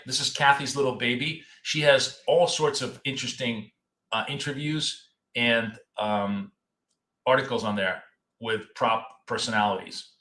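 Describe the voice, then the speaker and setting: Man, live trading chat, casual and blunt, swears a lot, forceful bright voice, roomy echo. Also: medium pitch, measured pace. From Russia. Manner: blunt, joking, swears freely. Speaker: trading show co-host.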